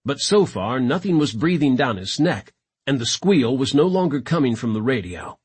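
A man narrating a science fiction audiobook in a dramatic, expressive reading style. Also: medium pitch, normal speed, slightly rough.

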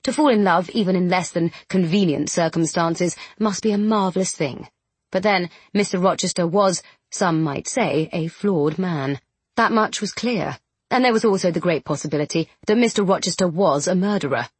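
Woman narrating a novel, measured and expressive, slightly husky, dry studio sound. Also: on the low side, dry recording. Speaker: audiobook narrator. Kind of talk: scripted narration.

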